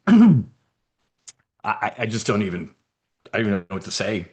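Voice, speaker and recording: A man's voice: lowish voice, very animated, moderate pace, a little mellow. A man from New Jersey and South Philadelphia hosting a trading members brief, giving blunt, profane, heated off-the-cuff commentary. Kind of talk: casual unscripted commentary.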